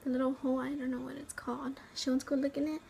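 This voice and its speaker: A woman from South Texas tells a personal story at home with a slightly high, gravelly voice. She rambles and hesitates, filling gaps with ums and likes, and sometimes sinks to a near whisper. A faint hiss sits under her voice. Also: flat delivery, rapid-fire, dark tone, poor audio. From Rio Grande Valley, Texas. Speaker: vlogger.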